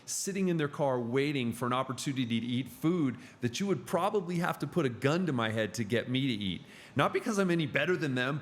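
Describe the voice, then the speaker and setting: A middle-aged man sits in as a podcast guest, chatting casually. He tells his stories with animated energy at a middle pitch. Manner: animated storyteller. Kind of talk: casual conversation.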